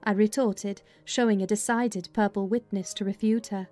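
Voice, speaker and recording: A woman narrating a dramatized audiobook of a classic novel, with a measured, expressive storytelling manner. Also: mid-range voice, soft background music.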